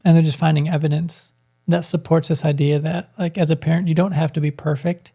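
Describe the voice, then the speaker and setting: A man's voice: on the high side, level tone, fairly quick, mellow, slightly rough. A man co-hosting a parenting talk show, chatting casually and easily agreeing with his co-host. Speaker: podcast co-host. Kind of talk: casual chat.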